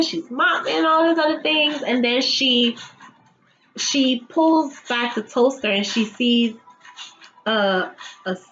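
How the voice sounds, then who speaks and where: Woman vlogger, higher voice, loose and profane, laughs a lot; dull lo-fi recording. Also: fairly bright tone, slight background noise. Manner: chatty, swears freely, laughs often. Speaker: TV episode reviewer. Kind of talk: casual episode recap.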